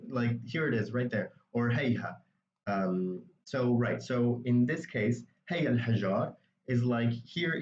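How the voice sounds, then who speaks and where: A man's voice: medium pitch, darkish tone. A man explaining vocabulary in a casual, rambling way, with many fillers. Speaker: Arabic teacher. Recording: roomy, distant and dull with faint noise.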